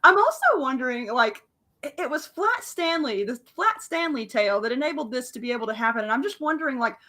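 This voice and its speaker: A woman's voice: sits high, lively intonation, fast, bright, forceful tone. A woman hosting a casual video-call interview, chatty and playful. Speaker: host.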